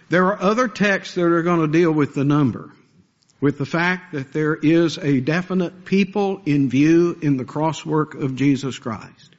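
A man's voice: a little high, moderate pace, highs cut off. A man preaching a sermon as pastor, earnest and building to impassioned pleas.

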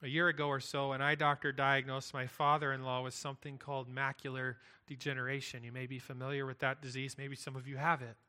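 A man's voice: medium pitch, level tone, fast talker, hardly any pauses, sharp tone, smooth. A man preaching a sermon, earnest and emphatic, building points through repetition. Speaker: pastor.

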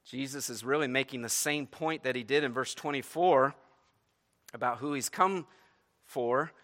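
Bright-voiced preacher acting out scripture. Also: male voice, medium pitch, normal speed. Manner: animated, acts out pleading voices, frequent "right?". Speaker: pastor. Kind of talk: sermon.

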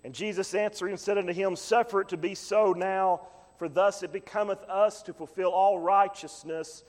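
A man's voice: high voice, steady tone, moderate pace, a little mellow. A man preaching a sermon as pastor, reading scripture and building to fervent, rising climaxes. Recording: long hall reverb.

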